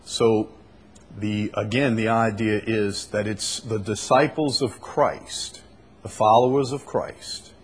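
A man preaching a sermon in a conversational way, reading scripture aloud and explaining it, often clearing his throat. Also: lowish voice, steady tone, takes it slowly, slight background noise. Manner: conversational, with fillers and restarts, reads scripture aloud.

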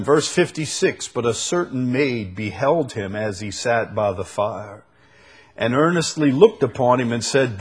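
A male preacher with a New Orleans accent, reading scripture and explaining it verse by verse, deliberate and rising to emphatic bursts. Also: mid-range voice, sing-song, slightly rough.

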